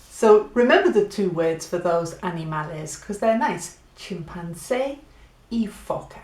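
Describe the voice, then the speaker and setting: A woman's voice: mid-range voice, animated, a little slow. A woman teaching a playful Spanish lesson, acting out silly laughs and animal noises as she demonstrates sounds. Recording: echoey room.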